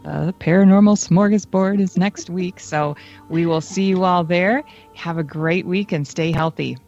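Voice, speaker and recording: Upbeat low-voiced woman co-host. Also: moderate pace, darkish tone, dull audio, faint music behind. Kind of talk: casual chat on a live online radio show.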